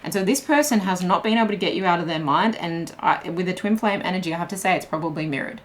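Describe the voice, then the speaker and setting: A woman's voice: lowish voice, fast. A young woman giving a casual tarot reading, chatty and full of fillers, laughing often as she talks. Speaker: tarot reader.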